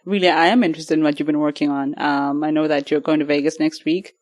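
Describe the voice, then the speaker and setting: A woman's voice: low voice, steady tone, fast talker, darkish tone. A woman interviewing her husband on a podcast, playful and a bit hesitant with her questions. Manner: playful, laughing easily, hesitant. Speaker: guest interviewer.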